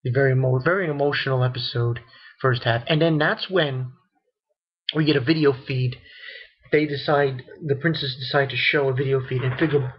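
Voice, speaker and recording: A man's voice: mid-range voice, moderate pace, slightly rough. A man giving a casual, rambling episode recap, full of fillers and repeats, who sometimes acts out characters' lines. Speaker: anime reviewer. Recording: dull lo-fi home recording.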